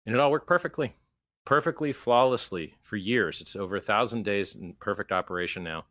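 A man with a somewhat low, bright and forceful voice talks emphatically, slipping into mocking voices for quoted exchanges. The sound is dry and close to the mic. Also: a little fast, no echo. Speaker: guest, crypto founder. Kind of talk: animated interview talk.

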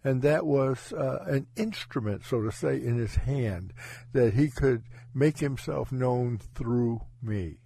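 A man who is a pastor, telling his faith story in an earnest, halting way with frequent restarts. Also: mid-range voice, creaky, mellow, husky. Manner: halting, self-correcting, earnest. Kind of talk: personal testimony in conversation.

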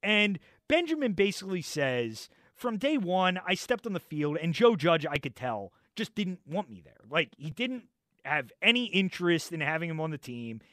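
High-pitched guy ranting on sports radio, bright punchy voice, dry studio sound. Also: normal speed, no room sound. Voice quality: loud, animated, mocking. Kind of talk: heated sports talk. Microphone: studio microphone.

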